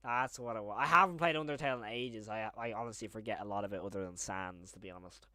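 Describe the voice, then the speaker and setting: A young man talking his way through a live stream in a chatty, rambling manner, quickly getting excited. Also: on the low side, clear, resonant tone, no echo, studio quality.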